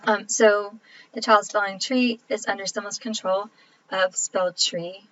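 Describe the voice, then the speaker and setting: A woman's voice: medium pitch, fairly even intonation, a little slow, a bit bright. A woman, casually explaining a lecture topic with frequent ums. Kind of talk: recorded lecture. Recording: dull lo-fi recording with faint background noise.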